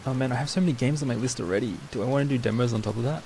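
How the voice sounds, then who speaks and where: A man streaming live in casual chat, who talks in a chatty way and answers his viewers with quick asides. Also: mid-range voice, vocal fry. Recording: steady rain noise behind.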